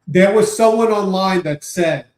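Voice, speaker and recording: A man's voice: high-pitched, measured pace, darkish tone. A man hosting a casual political talk show, blunt and wry, often addressing viewers as guys. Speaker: host. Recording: echoey room.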